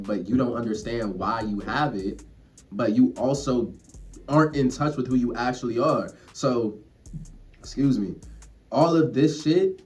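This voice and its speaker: A young man speaks to camera in a fairly low, a little mellow voice, ranting earnestly but casually and cursing as he reflects on himself. The recording uses a distant mic, and soft music can be heard behind him.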